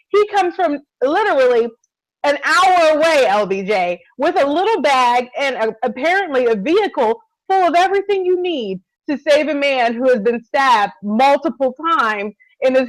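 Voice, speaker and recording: A woman co-hosting a casual TV recap chat, expressive and quick to laugh. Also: high-pitched, no echo, rough recording. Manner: expressive, laughs often, keeps addressing co-host. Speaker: podcast co-host.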